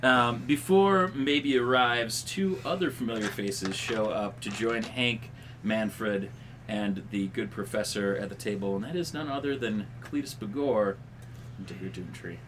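A man's voice: fairly low pitch, unhurried, background noise. A man narrating a tabletop game as game master, with a theatrical delivery.

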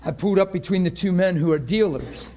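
A man's voice: sits high, a little fast, mellow, some chatter behind. A man preaching a sermon to a congregation, telling a story in an earnest, conversational way and acting out the voices of the people in it. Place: church in front of a congregation.

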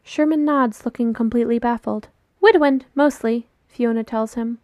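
A woman's voice: a little high, moderate pace, a little mellow, dry recording. A woman reading a story aloud as narration, telling it steadily and lightly voicing the characters. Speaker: podfic reader. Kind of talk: scripted narration.

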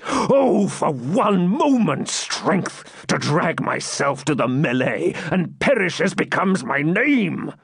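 Brief: furious injured nobleman, male reader, slow and animated, dry close sound. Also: a little high, gravelly, husky, no echo, exaggerated voice. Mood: defiant. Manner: furious, shouting, cursing. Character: wounded, raging knightly baron. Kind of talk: audiobook character reading.

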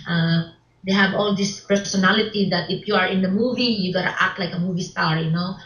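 A woman speaking English as a second language in a casual interview. She starts over often and repeats words as she goes. Her voice sits in a middle pitch and comes through an echoey, somewhat dull recording. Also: steady tone, a bit bright. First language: not English. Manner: halting, repeats words, broken grammar, laughs often. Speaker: actress and filmmaker guest.

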